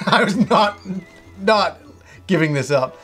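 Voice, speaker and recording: Animated, swearing man telling a story. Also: high-pitched, slow, soft background music. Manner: animated, profane, laughing storyteller. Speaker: co-host. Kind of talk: casual storytelling chat.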